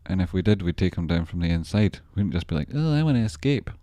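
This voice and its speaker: A man's voice: sits low, fairly even intonation, fast talker, warm tone, no echo. A man hosting a trading livestream, chatting casually and rambling as he jokes and reacts to viewer messages.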